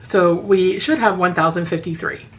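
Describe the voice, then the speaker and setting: A woman with a hoarse voice that sounds a little sick, chatting casually to her viewers and counting cash aloud in quick runs. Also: lowish voice, fairly even intonation, a little hiss or hum, low-quality recording. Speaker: budgeting vlogger. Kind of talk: casual friendly chat to camera.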